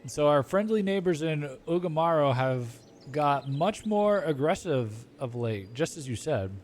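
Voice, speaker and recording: A man reading a gruff game commander. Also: on the high side, expressive, unhurried, slight background noise. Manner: reading game dialogue aloud with a gruff lilt.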